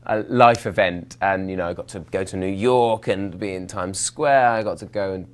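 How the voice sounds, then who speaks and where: A young actor with a notably low voice, chatting through interview questions. He rambles, restarts his sentences and pokes fun at himself, with plenty of fillers along the way. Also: moderate pace. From England, London. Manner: rambling, self-mocking, many fillers and restarts. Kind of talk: casual interview answers.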